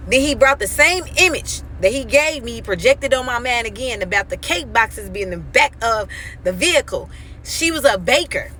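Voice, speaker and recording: A woman in her thirties giving an animated, emphatic faith testimony on her vlog, acting out quoted dialogue as she tells the story. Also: on the high side, moderate pace, a little hiss or hum. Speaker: vlogger.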